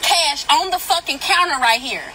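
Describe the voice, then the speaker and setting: Woman ranting at a drive-thru on her phone, super high voice, noisy car audio, mad and cussing. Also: lively intonation, normal speed, pushed and bright. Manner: indignant, profane, insistent. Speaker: customer filming a complaint. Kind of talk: filmed confrontation. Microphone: phone camera.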